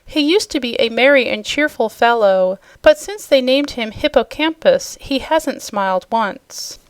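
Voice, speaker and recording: A woman voicing a pompous, touchy octopus gentleman. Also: a little high, lively intonation, unhurried, clear, resonant tone, dry recording. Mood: pedantic. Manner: airy, fussy, then mournful and sobbing.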